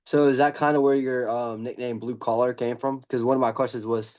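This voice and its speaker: A man's voice: medium pitch, flat delivery, a little mellow. Eager teenage male podcast host. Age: teens. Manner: eager, fast, many fillers. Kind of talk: casual interview.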